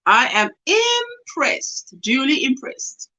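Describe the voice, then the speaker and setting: A South African woman chats through a livestream, reading out viewers' messages and answering each in turn with frequent laughs. Her voice sits high and bright and swings widely in pitch as she talks. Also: sing-song, slow pace, low-quality recording. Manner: reads chat messages aloud warmly, laughing often. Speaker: livestream host. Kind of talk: casual livestream chat.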